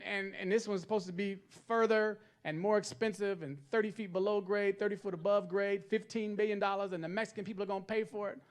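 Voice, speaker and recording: Male stand-up comic with a high voice, chatty and working the crowd on stage. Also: clear, resonant tone. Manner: chatty, asks the crowd for agreement. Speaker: stand-up comedian. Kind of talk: stand-up comedy set. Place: stage at a live comedy event.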